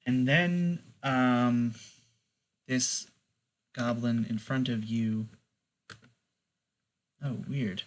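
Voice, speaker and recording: A man running a tabletop game as game master, relaxed and loose, with lots of fillers. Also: medium pitch, very slow, long pauses.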